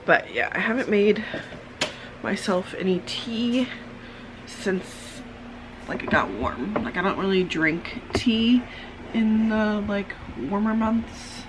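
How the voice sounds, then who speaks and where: A woman, casually vlogging at home early in the morning, chatty and rambling, with a tired, husky morning voice. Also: medium pitch, animated, slow, noisy background. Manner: chatty, rambling, with many fillers. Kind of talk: casual vlog chat. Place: dim home room at a desk, early morning.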